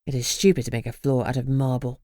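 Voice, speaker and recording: A woman's voice: a bass voice, fairly even intonation, fast, warm tone, no echo, studio quality, pitched below the performer's own voice. A woman voicing a bloodthirsty, eager female companion who pleads plaintively.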